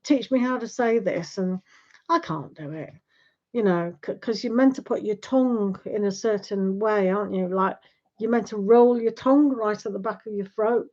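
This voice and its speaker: With a darkish, mid-range voice at a moderate pace, this tarot livestream host chats loosely with her viewers, wandering from point to point and adding tag questions as she goes. The audio is dull and lo-fi.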